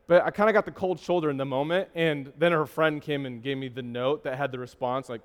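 A man's voice: mid-range voice, fairly even intonation, fairly quick, few pauses, big-room sound. A man preaching to a youth group, telling a story with self-teasing asides and often stumbling and repeating words. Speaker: youth pastor.

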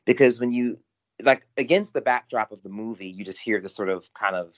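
Man, lowish voice, podcast co-host, effusive, repeats words mid-thought. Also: fairly quick. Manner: effusive, repeats words while searching for phrasing. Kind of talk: casual podcast discussion.

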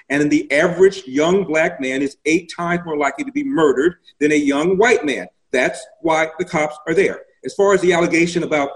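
A man's voice: fairly high pitch, poor audio. Emphatic man citing statistics. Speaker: guest commentator. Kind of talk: political interview.

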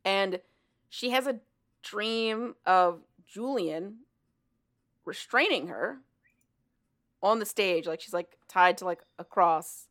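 A woman chatting casually, recapping a story in an animated, loose way. Her voice sits at an ordinary pitch, and she tumbles through the plot with a mix of laughter and swearing. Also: takes it slowly, long pauses. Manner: animated retelling with profanity and laughter.

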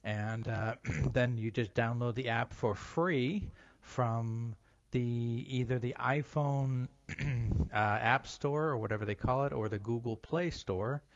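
A man's voice: mid-range voice, fairly even intonation, slow pace, gravelly, no room sound. Playful man co-hosting talk radio. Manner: playful, teasing banter. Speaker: psychic medium and radio co-host. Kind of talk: casual talk radio chat. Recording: dry, lo-fi line.

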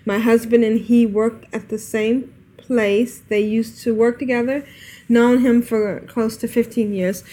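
A woman's voice: on the high side, fairly even intonation, unhurried, warm tone. Giggly woman co-host reading emails. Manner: giggly, chatty, trails off into laughs. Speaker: podcast co-host. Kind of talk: casual chat, reading listener emails aloud.

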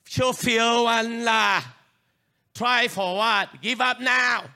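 A man voicing a mocking male inner voice of doubt, loud and taunting. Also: very high voice, very slow, exaggerated voice.

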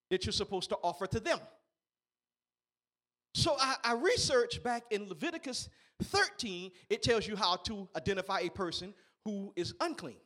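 A man with a strikingly high, bright voice preaches in a church. His pitch swings widely as he shifts between quiet explanation and sudden shouted bursts, often laughing along with his own points. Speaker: pastor. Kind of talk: sermon.

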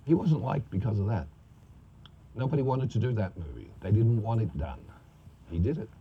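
A man's voice: fairly low pitch, moderate pace, highs cut off, slight background noise. A man telling profane, laughing anecdotes about his acting days in a casual interview. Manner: profane, laughing, animated storyteller.

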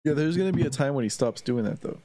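A man's voice: on the high side, expressive, fast, dark tone. Easygoing man in podcast chatter. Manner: easygoing, joking. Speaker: podcast co-host. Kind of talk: casual chat.

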